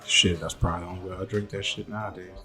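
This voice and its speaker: Laid-back male co-host, very deep yet bright, forceful voice. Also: flat delivery, very fast, soft background music. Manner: laid-back, joking asides. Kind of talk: casual chat.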